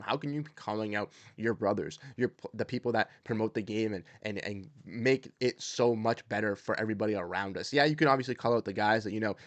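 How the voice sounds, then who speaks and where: A man's voice: lowish voice, dry recording. A young man hosting casual sports commentary, fired-up and repetitive, with many fillers.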